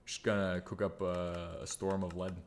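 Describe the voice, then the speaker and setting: A man's voice: deep voice, level tone, normal speed, vocal fry, slight background noise. A man giving casual, jokey gameplay commentary, muttering and humming to himself as he builds. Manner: jokey, self-mocking, hums and mutters to himself. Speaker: gaming video creator.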